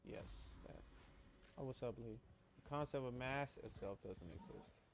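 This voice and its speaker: A male streamer chatting with his viewers, rambling and cursing, often trailing off mid-sentence. His voice sits at an ordinary middle pitch, with a constant hum of background noise behind it. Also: normal speed. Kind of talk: casual livestream chat.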